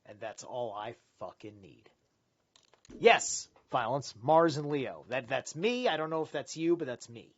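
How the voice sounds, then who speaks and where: A man's voice: medium pitch, very animated, measured pace. Rambling man on a lo-fi live stream. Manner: rambling, candid, swears, many restarts. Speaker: livestream host reading philosophy. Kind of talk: casual live reading and rambling commentary.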